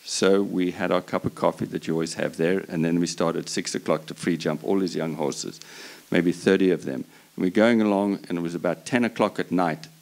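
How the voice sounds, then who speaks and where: A man's voice: low voice, steady tone, fairly quick, creaky, a little mellow. A man speaking on a breeders' panel, telling a long personal story in an earnest, passionate way, often restarting his sentences. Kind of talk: storytelling at a live talk.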